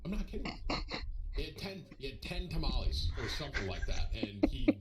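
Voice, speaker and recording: A young man streaming, casually telling a story to his viewers in an animated, joking way, often restarting and talking to the chat. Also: fairly high pitch, brisk, over a noisy crowd, rough recording. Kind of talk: casual storytelling to a live audience.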